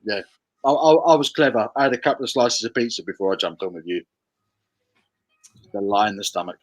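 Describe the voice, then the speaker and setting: A man's voice: on the low side, a little fast. A man hosting a casual live chat over beers, chatty and laughing, often stammering through his restarts.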